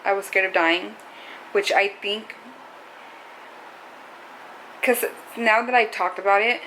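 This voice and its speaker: In a low-quality recording with slight background noise, a young adult woman rambles through a casual, confessional vlog, saying "like" a lot. Her medium-pitched voice is sharp in tone, fairly even, and slow.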